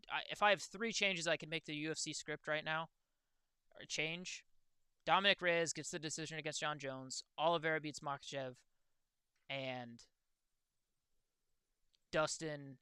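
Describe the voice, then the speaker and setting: Excitable young man, bright and crisp. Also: on the high side, no echo. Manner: excitable, swears freely, talks to chat. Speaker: streamer. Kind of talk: casual livestream chat.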